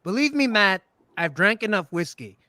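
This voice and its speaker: A man performing a comedy sketch as an indignant, self-important character who speaks in deadpan. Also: high voice, normal speed.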